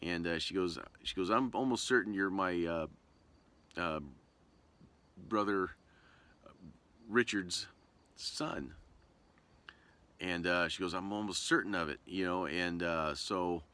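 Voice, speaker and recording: A man's voice: sits low, takes it slowly, pauses often, sharp tone, clean tone. A man from Southern Oregon telling a personal story to camera in a casual, rambling way, full of fillers and restarts. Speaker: vlogger.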